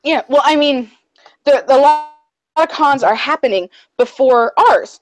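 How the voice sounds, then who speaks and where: A woman co-hosting a casual chat show, excitable and rambling, gushing like a fangirl. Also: high-pitched, unhurried, rough recording. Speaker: podcast co-host.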